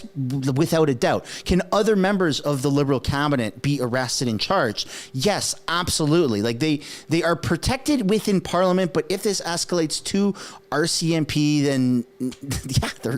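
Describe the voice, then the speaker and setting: A man whose first language is French talks through politics in a casual, animated commentary. His voice sits a little high for a man, and he keeps checking in with quick rhetorical asides as he explains. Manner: animated, conversational, frequent "right?" asides; acts out quoted speech in put-on voices.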